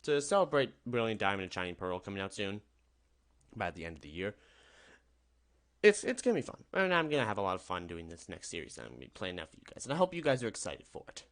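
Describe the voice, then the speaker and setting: A man's voice: on the low side, wildly swooping pitch, fast talker, a bit bright. A young man giving casual, rambling commentary as a gaming video host, upbeat and often correcting himself. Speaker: gaming YouTuber. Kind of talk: casual tier-list commentary.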